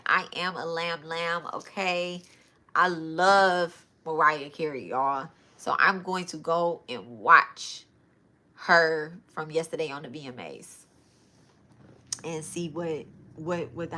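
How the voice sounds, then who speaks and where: Chatty woman hosting a live stream, low but bright voice. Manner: chatty, loose and informal, addresses viewers as y'all. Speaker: spiritual reader and live-stream host. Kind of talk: casual live-stream chat.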